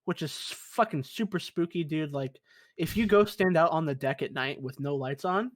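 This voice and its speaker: A man's voice: a little high, moderate pace, no room sound. A young man co-hosting a podcast, chatting casually from his basement, cursing freely and calling everyone dude. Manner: laid-back, swears a lot, says dude. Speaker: podcast co-host. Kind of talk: casual chat. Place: basement room.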